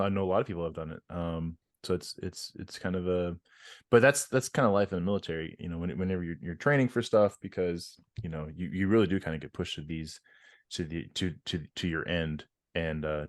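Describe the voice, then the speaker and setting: A man in his thirties co-hosting a podcast, talking casually in a measured way with many pauses and restarts. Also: sits low, dry recording, clean studio sound. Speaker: podcast co-host, army veteran. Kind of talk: casual chat.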